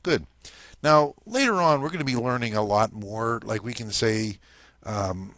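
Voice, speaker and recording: A man's voice: lowish voice, a bit bright, no room sound. A man teaching a language lesson in a casual spoken style, explaining step by step and checking in often with "okay?".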